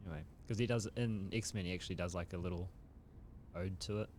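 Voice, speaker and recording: A man's voice: deep voice, fast talker, darkish tone, slight background noise. A man, chatting laid-back and giggly as a podcast co-host who brings up news items. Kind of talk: casual chat.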